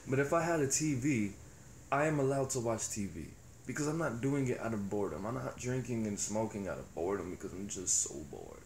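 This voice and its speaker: A man's voice: mid-range voice, expressive, a little fast, slight background noise. A young man rambling in a profane, reflective casual monologue as a vlogger. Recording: echoey room with faint ambience.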